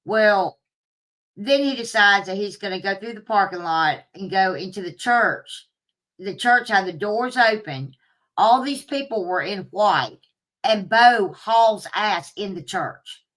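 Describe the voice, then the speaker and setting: A woman telling a story to her viewers in a casual, animated way, swearing freely and laughing at herself. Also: medium pitch, unhurried. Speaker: streamer talking to live chat.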